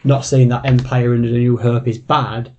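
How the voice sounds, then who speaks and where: A man co-hosts a casual film-review podcast in an easygoing way. His voice is warm and mellow, and he circles back over his words as he makes a point. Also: mid-range voice, flat delivery, moderate pace, lo-fi sound. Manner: easygoing, repeats words while building a point. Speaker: podcast co-host.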